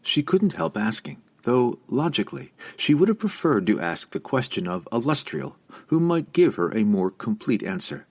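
A man narrating a fantasy novel as an audiobook, with expressive storytelling. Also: mid-range voice, normal speed, husky. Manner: expressive storytelling with lively inflection.

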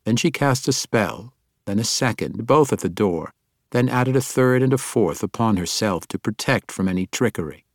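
A fairly low male voice carries this fantasy audiobook, delivered with measured, even storytelling. The sound is dry and clean, as from a studio.

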